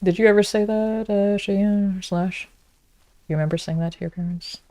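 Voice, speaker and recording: A woman's voice: medium pitch, steady tone, normal speed, dark tone, no room sound. A woman streaming a game, chatting casually and teasing her viewers.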